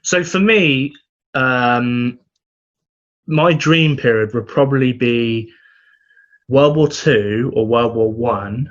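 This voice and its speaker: A young man co-hosting a podcast, talking in a laid-back, halting way with dry humor. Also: medium pitch. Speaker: podcast co-host. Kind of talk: casual chat. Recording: slightly dull, muffled sound.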